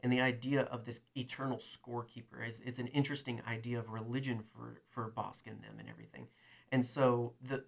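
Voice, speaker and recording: Man, casual host, eager and rambling, lots of fillers. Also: mid-range voice. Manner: enthusiastic, rambling, many fillers. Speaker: podcast host. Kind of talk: casual chat and reading aloud.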